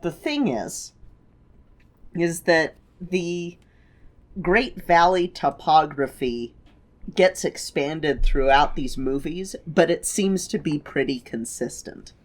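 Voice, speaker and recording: A woman co-hosting a podcast in casual chat, eager and quick to laugh, with the hiccups. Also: low voice. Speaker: podcast co-host.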